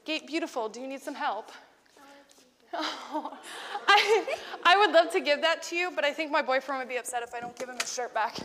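Young woman Bible teacher, high voice, playful with kids, reverberant hall. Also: brisk, slight background noise. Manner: playful, animated, laughing often. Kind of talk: acting out a Bible story with children.

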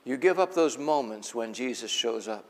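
A man's voice: medium pitch, expressive, moderate pace. A man preaching a sermon in a conversational, folksy way, asking the congregation questions. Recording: long echo of a large hall.

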